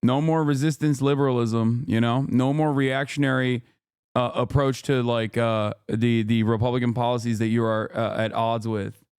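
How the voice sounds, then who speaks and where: A man's voice: medium pitch, fairly even intonation, normal speed, a little mellow, clean tone, no echo, studio quality. A man in his thirties hosting a livestream, giving casual commentary and reading posts aloud in an exasperated, profane way. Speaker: streamer host.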